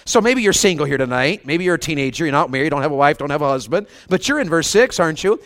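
A man's voice: fairly high pitch, lively intonation, fast talker, hardly any pauses, a bit bright, dry recording. A man with a Southern US accent preaching a fervent revival sermon, often putting questions to the congregation. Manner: fervent, asks the crowd questions.

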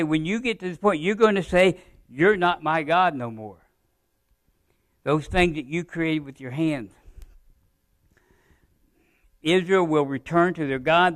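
A man preaching a sermon in a church, talking to the congregation in a conversational way, stressing key phrases and dropping low at the ends of sentences. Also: dry recording. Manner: rises in volume on emphasized phrases, drops low at sentence ends. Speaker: pastor. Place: church sanctuary.

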